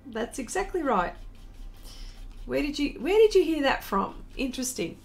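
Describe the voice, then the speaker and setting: A middle-aged woman artist chatting casually on a live stream while she draws, reading viewer comments aloud in an unhurried way. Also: high voice, big pitch swings, gravelly, faint music behind. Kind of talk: casual chat while drawing.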